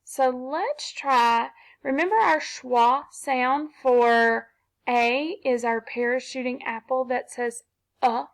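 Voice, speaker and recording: A woman's voice: high-pitched, takes it slowly. A woman teaching a phonics lesson to young children, patiently sounding out each syllable and blending it into a word.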